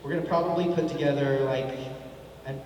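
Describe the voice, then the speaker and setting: A middle-aged man spins a laid-back story for a fan panel, acting out the lines of the people in it. His voice is neither high nor low. It reaches the recording from across a large, echoing convention hall with a long reverb tail. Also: fairly even intonation, brisk, a little mellow, dull audio. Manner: laid-back, laughing, acts out dialogue in his stories. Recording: echoey hall from far off, faint noise.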